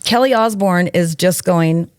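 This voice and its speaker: A woman guest telling stories in a casual chat, animated and acting out what others said. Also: on the low side, unhurried, dry recording, clean studio sound. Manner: animated storyteller, acts out quotes. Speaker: guest, author. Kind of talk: casual storytelling.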